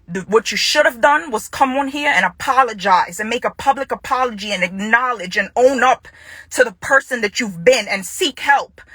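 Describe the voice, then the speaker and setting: Angry, bright-voiced young woman. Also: high-pitched, dry recording. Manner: angry, confrontational, repeats lines for emphasis. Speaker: vlogger making a public statement. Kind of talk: unscripted direct-to-camera statement.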